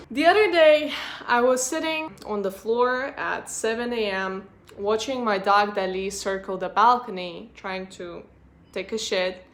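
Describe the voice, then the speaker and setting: Blunt woman vlogger, mid pitch. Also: fairly bright tone. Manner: frank, blunt, cynical. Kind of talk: reflective personal monologue.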